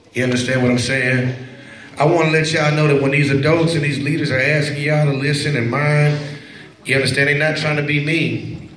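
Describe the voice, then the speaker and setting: Man, higher register, youth preacher: playful, laughing, hypes the crowd with call-and-response; roomy church sound. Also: moderate pace, bright, forceful tone, a little hiss or hum. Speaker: Christian hip-hop minister. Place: large church at a youth event. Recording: echoey church hall with crowd. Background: crowd reacting.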